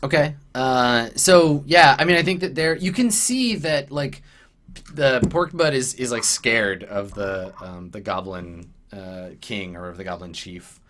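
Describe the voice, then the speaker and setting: A man's voice: mid-range voice, measured pace, a bit bright, a little hiss or hum. Rambling male game master. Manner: rambling, many fillers. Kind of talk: narrating a tabletop game.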